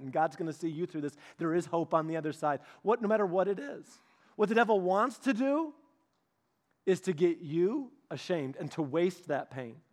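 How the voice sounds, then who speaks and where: Animated high-voiced man preaching. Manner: animated, acts out quoted voices, shifts from loud to hushed. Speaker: pastor's son preaching. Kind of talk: sermon with personal story.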